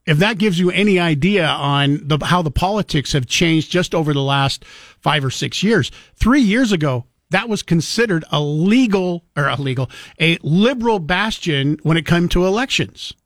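A talk radio host, a man with a somewhat raised pitch, speaking in an opinionated, conversational manner. His voice is close and dry, with no room sound at all. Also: animated, normal speed, dry recording. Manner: conversational, opinionated, chuckles easily. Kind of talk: talk radio chat taking calls.

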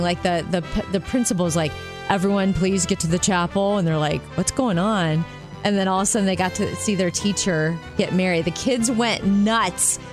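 A woman co-hosting a show, presenting light feel-good stories in an upbeat, lively way. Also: mid-range voice. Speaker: radio show co-host. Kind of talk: casual chat and news-story reading.

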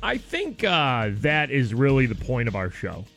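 A man hosting a morning radio show in casual banter, excitable and prone to loud shouted play-by-play. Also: medium pitch, unhurried, vocal fry, soft background music.

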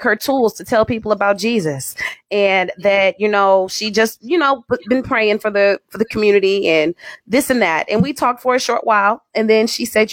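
A woman's voice: a little high, no room sound. A woman who works as a radio personality tells a story dramatically in casual chat.

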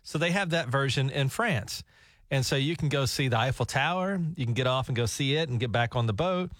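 A man's voice: mid-range voice, fairly quick, fairly bright tone, no echo, clean studio sound. A man on a talk show, telling a rambling, jokey travel story with laughs. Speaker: radio show co-host. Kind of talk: casual storytelling chat.

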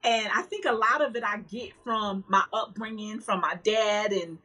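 A woman's voice: medium pitch, moderate pace, bright, forceful tone, breathy edge, poor audio. A woman guest on an interview podcast, speaking candidly and emphatically about her life, with frequent laughter. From northern United States. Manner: emphatic, outspoken, laughs often.

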